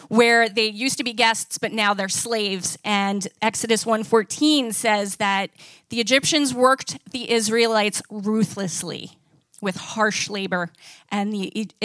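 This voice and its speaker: A woman's voice: medium pitch, a bit bright, no room sound. A woman preaching a sermon in a conversational way, often asking the audience questions.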